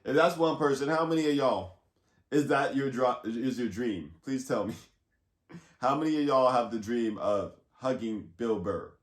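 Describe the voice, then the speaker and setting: A man's voice: medium pitch, expressive, a little slow. A man hosting a reaction video, chatting casually and speaking directly to his viewers. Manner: chatty, asks viewers to comment. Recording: roomy echo.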